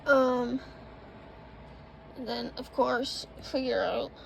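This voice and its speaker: Slow rambling woman with gravelly voice. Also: high-pitched, heavy background noise. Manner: rambling, lots of ums and trailing thoughts. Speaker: vlogger. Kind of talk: casual vlog chat. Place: indoors in an RV.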